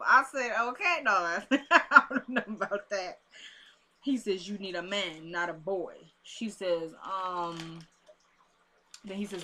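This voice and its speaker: A woman's voice: on the low side, sharp tone. Chatty young woman recapping a TV episode. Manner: chatty, retells scenes with quoted dialogue and asides.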